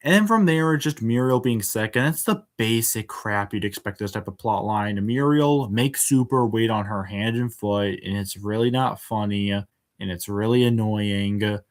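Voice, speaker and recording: A man's voice: fairly low pitch, normal speed. A man hosting a casual spoken review, hesitant, with many filler words and restarts, and frank and exasperated in tone. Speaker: show reviewer.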